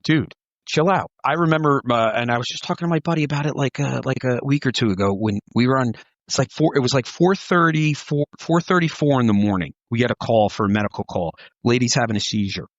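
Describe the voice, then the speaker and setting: A man's voice: medium pitch, expressive, fast talker. A man tells his old police stories in a loose, rambling way, swearing freely and filling his sentences with "like" and "dude." The sound is dull and muffled, and the room is dry, with no echo. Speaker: former police officer. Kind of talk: casual storytelling chat.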